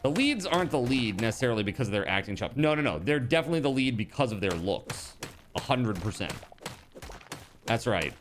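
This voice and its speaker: A man casually chatting to his viewers while he plays a game, animated and rambling, with many fillers and restarts. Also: medium pitch, fairly quick, slight background noise. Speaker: streamer.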